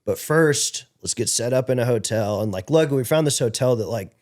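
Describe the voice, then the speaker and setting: A man's voice: medium pitch, lively intonation, brisk, darkish tone. Rambling man telling a podcast story. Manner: rambling, full of filler words and swearing. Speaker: podcast guest. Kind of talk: casual storytelling. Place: podcast studio.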